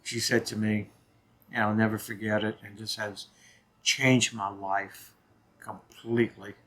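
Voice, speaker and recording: Vlog host, man in his 50s, husky voice, earnest and emphatic storyteller. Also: on the low side, little pitch movement, unhurried, fairly bright tone. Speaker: channel host.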